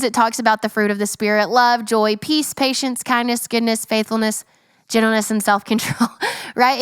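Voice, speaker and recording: A woman's voice: on the high side, fairly bright tone, clear, resonant tone, no room sound, studio quality. A young woman hosting a casual Christian talk, earnest and practical, dotting her talk with "like" and "right?". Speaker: faith podcast host.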